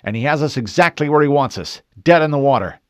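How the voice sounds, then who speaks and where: A man's voice: on the high side, expressive, quick pace, no echo, studio quality, pitched above the performer's own voice, close to an everyday voice. A man doing a tense young navigation officer. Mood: grim.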